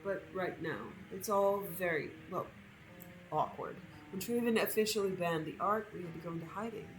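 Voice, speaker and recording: A woman voicing a stoic Nord man, a necromancer, who talks in a measured, matter-of-fact way. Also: lowish voice, music in the background, natural voice, low-quality recording.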